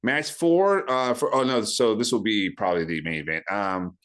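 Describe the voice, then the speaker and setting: A man's voice: lowish voice, normal speed, fairly bright tone. A man co-hosting a casual podcast chat, laid-back and peppering his talk with "dude". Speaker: podcast co-host.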